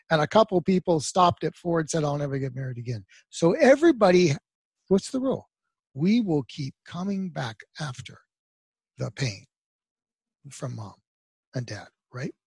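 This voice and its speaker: A man talking as a therapist on a talk show, telling a client story with emphatic bursts that trail off into quiet asides. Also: a little high, gravelly, slightly rough, no echo. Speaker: guest therapist. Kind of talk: conversational interview talk.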